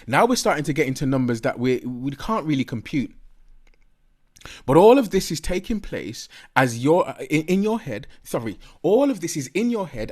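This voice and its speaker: A middle-aged man giving a health talk, emphatic and repeating key facts, slowing down to stress words. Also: fairly high pitch, darkish tone. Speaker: health seminar presenter.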